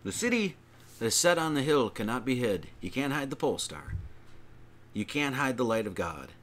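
A man's voice: mid-range voice, sing-song, normal speed, fairly bright tone. A man giving an informal sermon, reading scripture aloud and explaining it in a conversational, rambling way, stretching out phrases for emphasis. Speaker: preacher.

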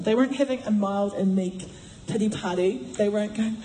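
A woman giving a sermon in a chatty, animated way, acting out voices as she retells a story. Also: medium pitch, a little fast, few pauses, a little hiss or hum. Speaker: preacher. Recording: echoey room.

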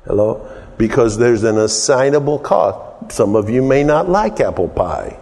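Slow low-voiced preacher guy, mellow tone, folksy and jokey, long hall echo. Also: expressive. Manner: folksy, jokes with congregation; repeats words, restarts often. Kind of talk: sermon teaching.

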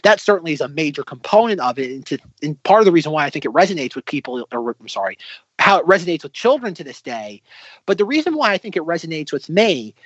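A man's voice: a little high, fast talker, dry recording. A male podcast co-host talks in a loose, rambling way and jumps from tangent to tangent. The sound is dry and close. It is also slightly muffled. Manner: rambling, animated, tangent-prone. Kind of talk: casual chat.

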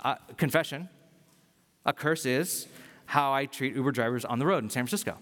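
A man preaching a sermon as a pastor, in a conversational, self-deprecating way with animated storytelling. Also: mid-range voice, moderate pace, in a large hall.

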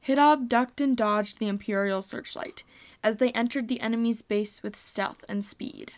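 Woman, storyteller, slightly high voice, earnest read-aloud. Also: fairly even intonation, moderate pace. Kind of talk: reading aloud a homemade space story.

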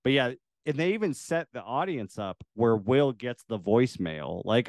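A man's voice: medium pitch, animated, normal speed, a little mellow, no echo. A man co-hosting a casual movie podcast. He rambles through his points with lots of "like" and laughs often. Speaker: podcast co-host.

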